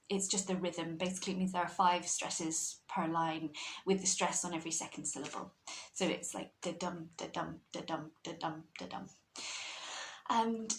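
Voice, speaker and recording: A woman's voice: lowish voice, slight background noise, low-quality recording. A woman hosting a knitting podcast, chatting casually to camera from a room at home in a rambling, digressive way.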